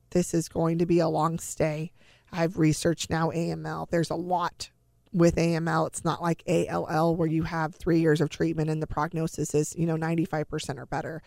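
A woman's voice: sits low, vocal fry, darkish tone, dry recording, studio quality. A middle-aged woman, a mother and guest in an interview, telling her own story in an earnest, conversational way, often repeating words. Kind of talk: emotional personal storytelling in an interview.

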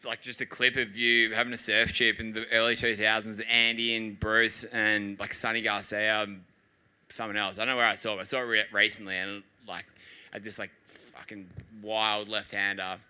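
Man, audience questioner, hesitant, halting, very bright, crisp voice. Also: fairly low pitch, level tone. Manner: halting, hesitant, swears casually. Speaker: audience member asking a question. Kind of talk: casual question.

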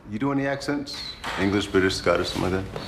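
A gruff, brisk man briefs an undercover cop in a TV drama. His voice sits very low and gravelly, and he talks quickly. The clip carries a clear layer of noise. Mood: businesslike. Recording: noisy clip from a TV series.

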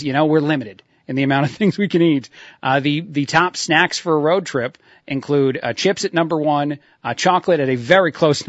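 A man's voice: fairly high pitch, no echo, lo-fi sound. A man hosting a talk radio show, mocking the news with frequent chuckles and filler words. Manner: sardonic, laughs at his own remarks, many uh fillers. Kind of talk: solo talk radio commentary.

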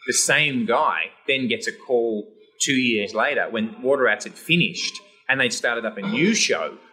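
A middle-aged Australian man, a radio guest, telling stories in casual chat with lively restarts. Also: mid-range voice, unhurried, soft background music. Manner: animated storyteller with many restarts.

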